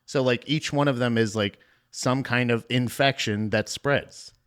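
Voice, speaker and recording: Guy cohosting a movie podcast, rambly, keeps restarting sentences, swears some, normal pitch. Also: measured pace, clear, resonant tone. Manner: rambling, restarts often, profane. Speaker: podcast co-host. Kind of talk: casual movie chat.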